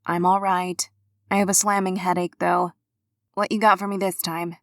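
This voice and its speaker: A woman reading an audiobook, voicing a sick, tired young woman who teases her friend in a slow, weary way. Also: on the low side, level tone, no room sound, clean studio sound, close to an everyday voice.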